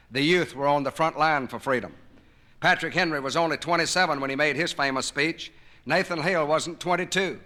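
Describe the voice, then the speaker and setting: A man's voice: medium pitch, bright, forceful tone. A man giving a patriotic speech to a live audience, telling folksy stories and jokes with emphasis. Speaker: public speaker. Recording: 1970s vinyl record of a live speech.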